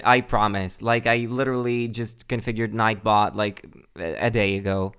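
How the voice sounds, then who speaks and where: Young male streamer, casual and rambling, smooth resonant voice, salty and self-mocking. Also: on the low side, fairly even intonation, unhurried, fairly bright tone. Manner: rambling, swears a lot, answers chat; self-deprecating, laughs often. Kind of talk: casual live-stream chat.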